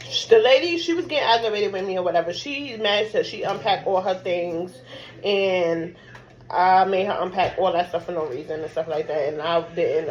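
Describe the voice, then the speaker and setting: A woman in her thirties telling a casual storytime vlog over a meal at home, animated and blunt, cursing freely and laughing often. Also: lowish voice, lo-fi sound. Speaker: vlogger. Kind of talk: casual storytime while eating.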